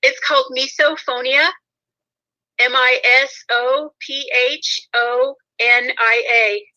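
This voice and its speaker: Slow, bright-voiced woman guest by phone. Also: high-pitched, fairly even intonation, rough recording. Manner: hesitant, many ums and restarts.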